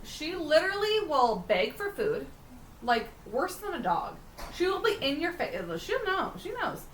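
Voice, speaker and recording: A woman's voice: sits high, very animated, measured pace, fairly bright tone, far from the mic. A woman co-hosting a podcast, chatting casually and animatedly, who swears freely and acts out quotes. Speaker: podcast co-host. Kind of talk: casual chat. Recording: roomy, from off-mic, faint room noise.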